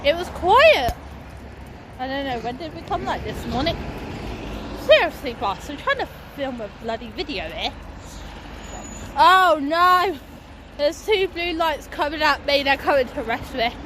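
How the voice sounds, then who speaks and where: A woman's voice: high voice, very animated, normal speed. A young woman talking casually into her phone while walking down a street, chatty and swearing freely. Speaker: vlogger. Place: outdoors on a busy street by a bus stop. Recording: loud street traffic noise outdoors. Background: passing traffic and buses.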